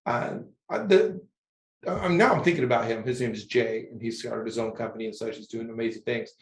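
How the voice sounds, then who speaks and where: A man's voice: medium pitch, fairly quick. Male podcast host, friendly and affirming, asks open questions, sounds like an echoey room. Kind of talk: conversational podcast interview.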